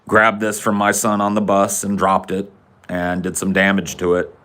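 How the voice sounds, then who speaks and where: A man's voice: sits low, monotone, moderate pace, fairly bright tone, voice pushed down. A man voicing a stern, earnest father talking seriously to his son.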